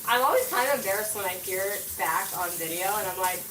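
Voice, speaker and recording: A woman's voice: mid-range voice, quick pace. A woman hosting a casual cooking vlog, chatting to viewers in a rambling way full of "like" while she works in her home kitchen. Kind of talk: casual chat to live viewers. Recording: roomy kitchen, distant mic, audible background noise.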